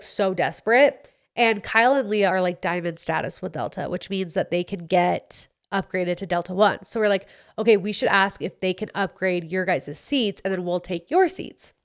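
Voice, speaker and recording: A woman, hosting a podcast and telling a story in a chatty, animated way with lots of "like". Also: mid-range voice. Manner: chatty, animated, heavy use of "like". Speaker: podcast host. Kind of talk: casual storytelling chat.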